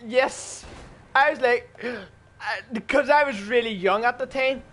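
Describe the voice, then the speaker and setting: A man telling a story in a casual, profane, animated way while gaming with friends. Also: extremely high pitch, measured pace.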